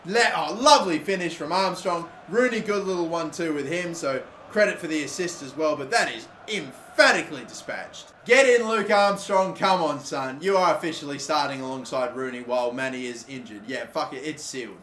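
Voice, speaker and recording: A young man with a high, sharp, bright voice commentates his football game, cursing at his players and shouting when it goes wrong. He sounds exasperated and fast to boil over. The recording is roomy and echoey, with a faint hiss of noise underneath. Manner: swearing, exasperated, shouts at mistakes. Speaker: gaming YouTuber.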